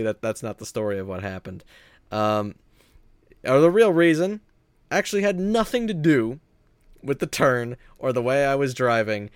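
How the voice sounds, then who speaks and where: Brief: young male storyteller, casual vlog, rambling with lots of "like", mid-pitched, dry close mic. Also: gravelly, no echo. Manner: rambling, full of "like" and restarts, laughing at himself. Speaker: vlogger telling a story.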